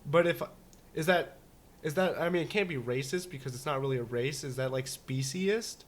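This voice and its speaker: A man with a slightly high voice rambles through a casual talk show. He jokes and speculates, often restarting his sentences and leaning on fillers. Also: brisk. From United States. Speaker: podcast co-host. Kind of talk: casual chat.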